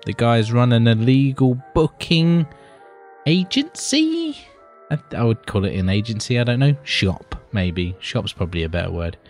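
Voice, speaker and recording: A man's voice: medium pitch, sing-song, normal speed, a little mellow. A British man co-hosting a podcast in casual chat. He rambles and swears, keeps calling his co-host buddy, and has faint music behind him.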